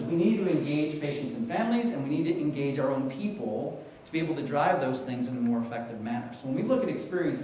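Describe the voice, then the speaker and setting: A man from New York delivers a keynote talk as an animated storyteller who keeps putting questions to the audience. His voice sits a little high for a man. It rings through a very echoey hall, picked up from some distance with a faint hiss behind it. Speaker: conference speaker.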